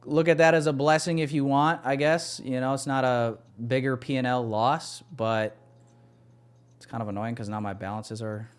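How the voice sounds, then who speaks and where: A man's voice: mid-range voice, fairly even intonation, normal speed, clear, resonant tone. A young man giving live commentary on his trades to a stream chat, casual and self-deprecating.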